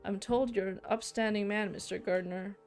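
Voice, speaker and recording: A woman's voice: mid-range voice, fairly even intonation, normal speed, darkish tone, soft background music, lightly acted. A woman doing a boastful sea patrol man, self-satisfied, threatening, story game. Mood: smug. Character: smug menacing English man patrolling the sea.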